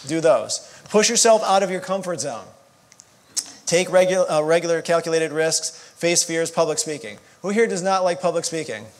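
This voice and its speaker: A man with a slightly high voice co-teaches a church marriage class. He talks casually, joking and teasing his listeners as he goes. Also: normal speed. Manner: jokey, casual, self-deprecating. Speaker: marriage counselor.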